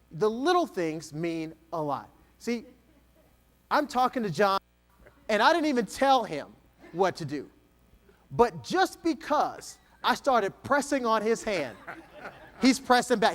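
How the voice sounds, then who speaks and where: Keynote speaker, male, lively stage talk with a volunteer, a bit higher voice. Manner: energetic, coaxing a volunteer. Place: stage before an audience.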